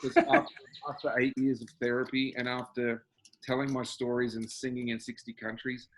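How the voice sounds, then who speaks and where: A man's voice: mid-range voice, expressive, a little fast, slight background noise. Wry Australian man in conversation. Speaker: guest musician. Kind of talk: casual conversation.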